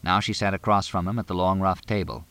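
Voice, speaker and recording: Low, dry-sounding man narrating a novel at a steady, measured pace. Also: clear, resonant tone, no room sound. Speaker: audiobook narrator. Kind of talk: scripted narration.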